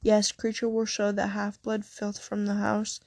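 A woman's voice: medium pitch, monotone, measured pace, darkish tone. A woman voicing a servile, grumbling old male house elf who mutters. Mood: muttering.

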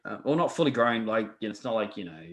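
A man's voice: on the low side, animated, fast, fairly bright tone. A man co-hosting a casual podcast, rambling and swearing with lots of fillers and restarts. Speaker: podcast co-host. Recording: roomy echo.

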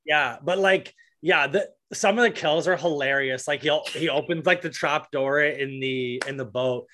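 A man's voice: fairly high pitch, moderate pace, bright, forceful tone, a little hiss or hum. A man co-hosting a podcast, chatting casually about movies in a rambling way, with lots of fillers and swearing. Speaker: podcast co-host.

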